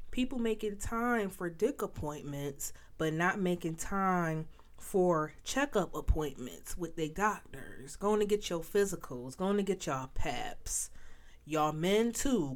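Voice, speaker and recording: A young woman with a nasal voice hosting a casual solo podcast, candid and animated, talking straight to her listeners with playful asides and the odd sniffle. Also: lowish voice. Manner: sniffles between phrases. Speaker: podcast host.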